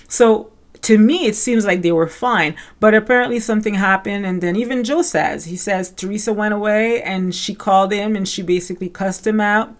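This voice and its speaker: A woman hosting a casual recap podcast, talking fast and loose with lots of fillers and acted-out quotes. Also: medium pitch. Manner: chatty, many "like" fillers, acts out quotes. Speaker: podcast host.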